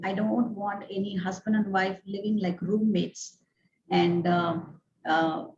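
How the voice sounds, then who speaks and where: A woman's voice: mid-range voice, darkish tone. Woman host in an echoey room. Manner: earnest, repeats words with many fillers. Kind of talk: hosting an interview. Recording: roomy echo, dull lo-fi sound with faint noise.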